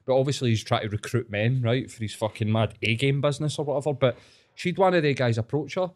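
He's a fast-talking podcast host with a mid-range voice and a Glaswegian Scottish accent, from Scotland. Chatting casually, he tells animated stories and swears heavily throughout.

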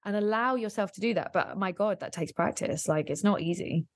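A woman speaking in a podcast interview, lively and quick to laugh, acting out what other people say. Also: medium pitch, no echo, studio quality. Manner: animated, laughing, acts out quoted people. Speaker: podcast guest and author.

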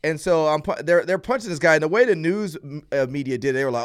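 A man's voice: a little high, fast, smooth. A man who is a police officer, a guest on a podcast, explaining his views earnestly with frequent restarts. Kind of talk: casual interview chat.

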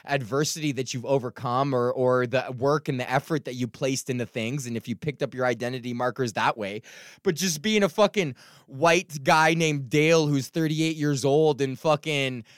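A stand-up comic from Edmonton, Canada, hosts his own podcast, launching into a rambling, profane solo rant full of heavy swearing, restarts and fillers. His voice sits in the mid range and moves at a moderate pace, captured in a dry, studio-quality recording.

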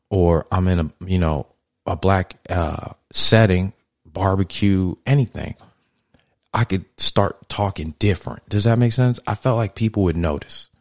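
This podcast host has a low voice, heard clean in the studio with no echo. His casual commentary comes as a blunt, swearing, conversational monologue that heats up and rises in volume.

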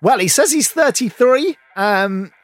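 A man with an English accent playing a pompous, quick-tempered breakfast radio sports host in a sitcom. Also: extremely high pitch, lively intonation, no room sound. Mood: jokey. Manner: blustery, swears freely. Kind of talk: scripted sitcom radio banter.

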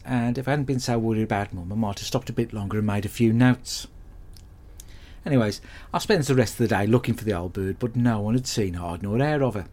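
A man's voice: on the low side, close to an everyday voice. A man playing a sweary hapless bloke. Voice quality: deadpan, sweary, rambling storyteller. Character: hapless crude English bloke, rambling and put-upon. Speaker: comedy podcast character host. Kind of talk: scripted comic monologue.

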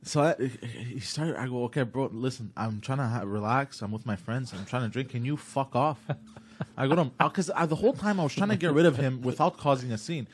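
A man in his twenties in casual chat, telling a story and acting out both sides, with loud outbursts. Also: mid-range voice, a little fast, breathy edge. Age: 20s.

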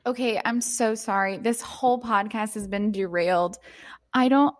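Young woman, podcast co-host, rambling chat, excitable, laughs a lot. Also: mid-range voice, normal speed. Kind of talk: casual chat.

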